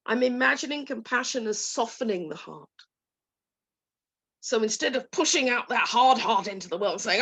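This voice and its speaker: A woman coach talking gently and soothingly to an online group, voicing soft inner dialogue. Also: fairly high pitch, expressive, a little slow. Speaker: guest coach. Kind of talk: talk to a live online group.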